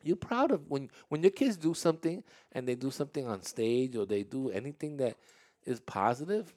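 A male host chats loosely with his guests, telling stories with lots of restarts and quick laughs. His pitch swings widely as he talks, and he sits at a middle pitch for a man. He keeps things informal and animated. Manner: chatty, animated storyteller who laughs and restarts often. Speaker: host interviewing young dancers. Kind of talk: casual interview chat.

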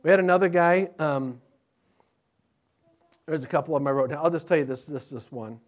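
The pastor, middle-aged, speaks fairly quickly with a slightly high voice while storytelling in a children's sermon. He comes across animated and chatty, often restarting his sentences.

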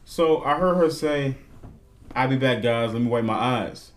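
A man's voice: medium pitch, a little slow. A man co-hosting a podcast, telling a work story in casual, profane chat. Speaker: podcast co-host.

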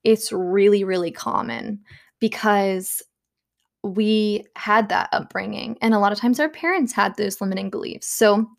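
A young woman at home talking casually about self-help, chatty and full of fillers, with soft laughs. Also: mid-range voice, unhurried, gravelly. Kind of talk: casual monologue.

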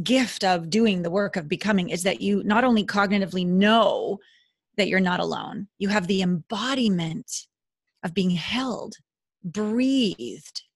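Expressive woman guest, dry close sound. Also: mid-range voice, dry recording. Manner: earnest, expressive and spiritual, with sudden swings of emphasis. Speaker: guest intimacy expert. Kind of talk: conversational podcast interview.

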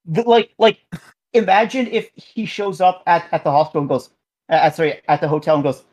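A man's voice: on the high side, fairly even intonation, brisk, darkish tone. A man co-hosting a podcast in casual chat, rambling earnestly with frequent restarts. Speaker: podcast co-host.

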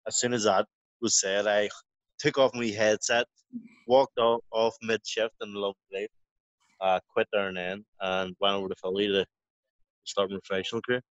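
A man's voice: lowish voice, flat delivery, moderate pace, no room sound. A man who is a professional boxer, guest in an interview, telling rambling stories with lots of swearing and restarts. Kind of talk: casual storytelling interview. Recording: dry, dull lo-fi audio.

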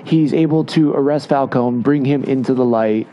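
A man's voice: medium pitch, moderate pace, lo-fi sound. A man co-hosting a podcast, chatting casually and rambling as he steers the discussion. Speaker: podcast co-host. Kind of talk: casual chat.

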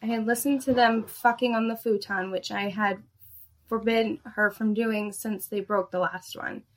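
Young woman reading a spicy story, dry fed-up tone, mid pitch. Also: fairly even intonation, normal speed.

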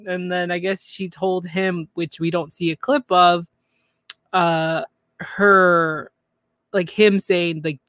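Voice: mid-range voice, slow pace, no room sound, clean studio sound. A podcast co-host giving a casual, chatty recap of a reality TV episode, often slipping into mocking impressions of the cast. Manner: chatty, lively, mimics cast members mockingly.

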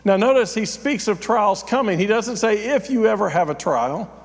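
A man's voice: high voice, animated, normal speed, long reverb tail. A man, a pastor, giving a conversational, self-deprecating sermon with frequent fillers.

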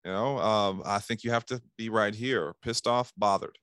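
Here the same kind of casual sales coaching comes from a man whose voice sits on the low side, a bit bright, clear and resonant, with fairly even intonation at a moderate pace. He talks animatedly, acting out phone calls in bursts, on a dry, studio-quality recording.

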